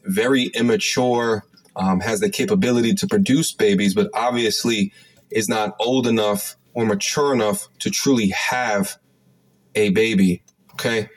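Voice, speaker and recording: A man with a somewhat low voice hosts a reaction commentary. He speaks directly to his viewers and sprinkles "um" through his judgments. He moralizes about what the clip shows. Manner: addresses viewers, "um" fillers, moralizing. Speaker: commentary host.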